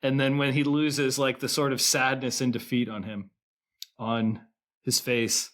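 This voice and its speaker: A man's voice: mid-range voice, measured pace. A man co-hosting a podcast, chatting casually about a movie, retelling scenes with animation and frequent laughter. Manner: animated storytelling, laughing often, acting out quotes. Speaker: podcast co-host. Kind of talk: casual film discussion.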